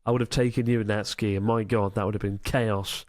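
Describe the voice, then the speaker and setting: A man's voice: lowish voice, flat delivery, fast talker, no echo, clean studio sound. A man co-hosting a podcast, chatting casually and telling anecdotes in a loose, conversational way. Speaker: podcast co-host. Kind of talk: casual chat.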